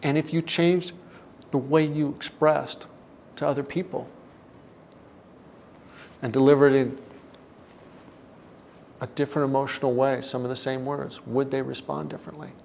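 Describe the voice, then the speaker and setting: Gravelly guy talking self-help, slow and thoughtful, goes quiet a lot, faint hiss behind. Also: fairly even intonation. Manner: deliberate, often drops to a soft, low tone. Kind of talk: reflective teaching talk.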